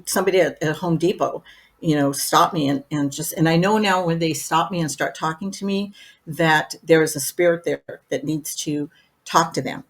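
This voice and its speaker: A middle-aged woman with a lowish, slightly deep voice talks through her experiences as a guest on an interview show. Her telling is loose and rambling, a run of casual asides strung together with "you know.". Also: moderate pace. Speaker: medium, podcast guest.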